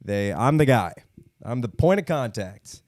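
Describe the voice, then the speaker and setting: Animated man telling comic stories. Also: mid-range voice, measured pace, no room sound, clean studio sound. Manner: animated, acts out other people's lines in exaggerated voices. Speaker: podcast co-host. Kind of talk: casual comedic storytelling.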